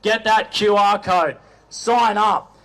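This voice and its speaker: A man giving a rousing rally speech, shouting slogans to the crowd. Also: high-pitched, slow. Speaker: rally speaker.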